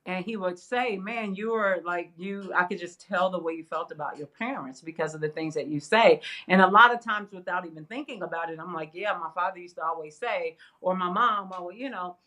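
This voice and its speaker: A middle-aged woman, a guest on an interview show, telling a personal story in a casual, animated way with frequent laughs. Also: lowish voice, brisk, few pauses. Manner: animated, laughs often, fillers like "you know". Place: interview studio.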